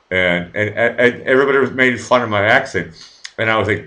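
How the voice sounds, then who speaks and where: A man's voice: fairly low pitch, animated, fast talker, bright, forceful tone. A man hosting a casual live-stream interview, hesitant and full of fillers, swearing casually. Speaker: host.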